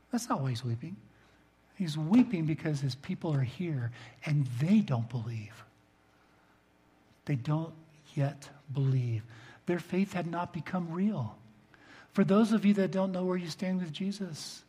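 Older man preaching in an echoing hall. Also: husky. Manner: earnest, swings between loud emphasis and soft low asides. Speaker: pastor. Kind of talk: sermon. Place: church sanctuary. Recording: long reverb of a large hall.

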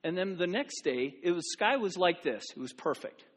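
A high-voiced man preaching in a church sanctuary. He is animated and repeats phrases for emphasis, slipping into other voices to act out quotes. The room carries a long, echoing reverb. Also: moderate pace. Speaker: pastor. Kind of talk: sermon.

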